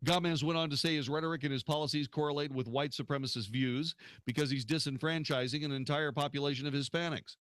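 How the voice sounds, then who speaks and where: A man's voice: fairly high pitch, steady tone, fast, few pauses, fairly bright tone, no room sound, clean studio sound. A man hosting a political talk radio show, arguing his points in a combative way and firing off rhetorical questions.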